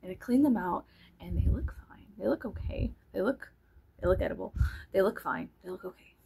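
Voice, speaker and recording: A woman's voice: mid-range voice, expressive, a little fast, gravelly, mellow, breathy edge. A woman from South Texas vlogging in a casual rambling monologue, chatty and joking, with frequent swearing and sudden drops to a whisper.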